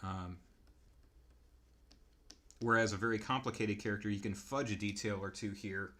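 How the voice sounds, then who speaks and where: A man narrating casually as he draws, an artist demonstrating character design and thinking aloud in an unhurried, musing way. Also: lowish voice, steady tone, bright, forceful tone.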